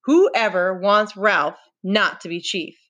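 A woman voicing a proud, aggressive boy who leads the hunters in a read-aloud novel, making forceful, accusing declarations. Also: medium pitch, very animated, moderate pace, voice pushed up. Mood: menacing.

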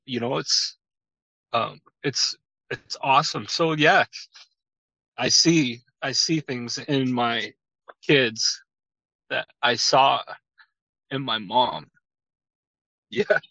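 A man's voice: medium pitch, takes it slowly, long pauses, sharp tone, dry recording. A man as a podcast guest, talking casually and from the heart, with lots of fillers. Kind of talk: casual personal conversation. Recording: dull lo-fi sound.

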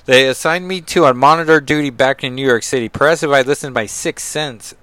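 A man's voice: medium pitch, a little fast, sharp tone, clear, resonant tone, no room sound, close to an everyday voice. Man reading as an earnest young heroine. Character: young heroine writing a heartfelt letter home.

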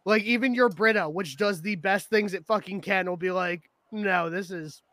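A man co-hosting a podcast in casual chat, animated, swearing and laughing often. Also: sits high, moderate pace, no room sound. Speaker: podcast co-host.

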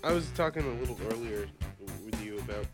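A young man hosting a casual radio chat, talking in a relaxed way with many fillers. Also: mid-range voice, brisk, music in the background. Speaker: radio host.

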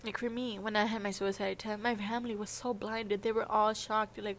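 Young woman rambling softly. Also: medium pitch, little pitch movement, a little fast, few pauses, a little hiss or hum. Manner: rambling, hesitant, heavy use of filler "like". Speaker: vlogger. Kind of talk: casual confessional monologue.

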